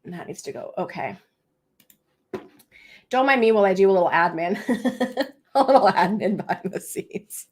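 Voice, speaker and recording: A chatty woman coach, in her thirties and from Canada, talks straight to her live viewers. Her voice sits at an ordinary middle pitch, and she keeps an upbeat, casual tone with frequent laughs. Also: animated, normal speed, long pauses, slight background noise. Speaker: marketing and sales coach hosting a live session. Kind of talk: casual livestream talk.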